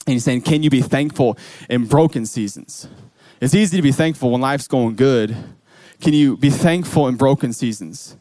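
A man's voice: medium pitch, darkish tone, no echo. A man preaching a sermon as pastor, earnest and building to fervent emphasis.

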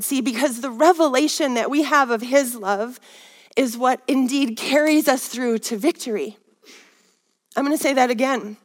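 A woman with a high voice teaching a Bible lesson in sermon style. She rouses her listeners and calls for their response. Her voice rings with long reverb, as in a large hall. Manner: rousing, calls for audience response. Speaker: women's Bible study teacher. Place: Minnesota.

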